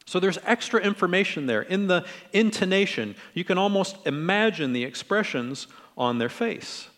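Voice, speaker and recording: A middle-aged man preaching a conversational sermon in a relaxed, friendly way, acting out quoted lines in different tones. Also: sits high, moderate pace, long reverb tail. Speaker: pastor.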